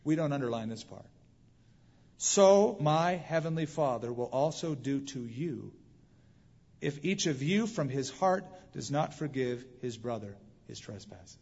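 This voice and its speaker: A male pastor preaching a sermon, telling Bible stories with animated storytelling and acting out the voices of people he quotes. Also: mid-range voice, measured pace, gravelly, slightly rough. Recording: muffled hall recording with long reverb.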